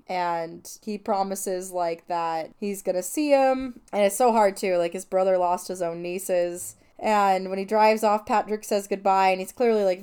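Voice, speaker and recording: A young woman with a smooth, resonant voice talks through a movie scene by scene. She keeps an everyday middle pitch and fills her recap with loose, chatty fillers. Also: a little mellow. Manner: rambling, filler-heavy retelling. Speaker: podcast host. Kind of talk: casual film recap.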